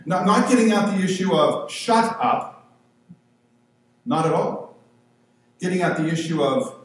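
A man in his fifties preaching a sermon, conversational and self-deprecating, slowing down for emphasis. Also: on the high side. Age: 50s. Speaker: pastor. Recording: very echoey room with faint ambient noise.

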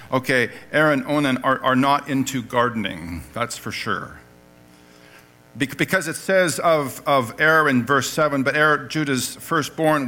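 A man preaching a lively sermon, his voice bright and a little high for a man. He jokes and laughs at his own remarks as he works through the passage. Faint music sits under his voice in the church. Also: poor audio. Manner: animated and joking, laughing at his own lines. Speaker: pastor.

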